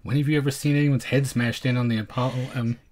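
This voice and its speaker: A man's voice: mid-range voice, fairly even intonation, quick pace, darkish tone. A man co-hosting a film podcast, chatting casually with wry, dry jokes. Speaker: podcast co-host.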